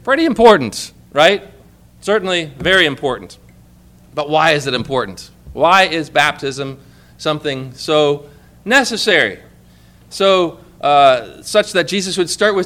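A man's voice: on the high side, animated, measured pace, fairly bright tone. A man preaching a sermon in a conversational way, often asking his listeners questions and pressing on key words. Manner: conversational, asks the congregation questions.

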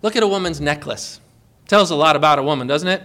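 High-voiced man teaching with questions. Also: fast talker, bright, forceful tone. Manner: conversational, full of rhetorical questions and anecdotes. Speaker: Christian evangelism teacher. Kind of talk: informal teaching talk. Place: outdoors on a boat.

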